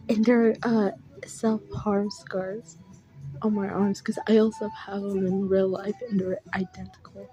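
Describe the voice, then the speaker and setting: A woman's voice: medium pitch, steady tone, unhurried, mellow, soft background music, poor audio. A young woman telling a story to camera in a casual, emotional way, near tears and full of fillers, recorded on a phone. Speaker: vlogger.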